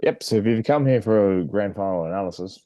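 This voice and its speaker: A man's voice: lowish voice, quick pace, warm tone, muffled recording. An Australian man co-hosting a casual sports podcast, trading wry jokes and banter. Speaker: podcast co-host.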